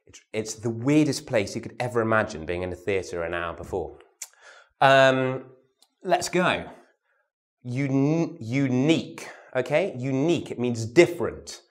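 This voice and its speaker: A man teaching a vocal warm-up lesson. He demonstrates syllables and tongue twisters, repeats them, and gives the learner encouraging instructions. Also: mid-range voice, animated, unhurried. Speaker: speech and voice teacher.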